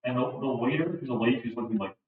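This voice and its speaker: A man's voice: medium pitch, very fast. A male student telling a rambling story in class, often restarting his sentences. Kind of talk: casual classroom chat. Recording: distant, echoey, dull, slight hiss.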